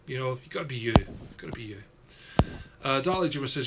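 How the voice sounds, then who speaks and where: A man's voice: a little high, animated, normal speed, fairly bright tone, a little hiss or hum. A young Scottish man with an Ayrshire accent, chatting casually on a live stream and reading out viewer comments in a rambling, easygoing way. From Scotland. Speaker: YouTuber streaming a Q&A.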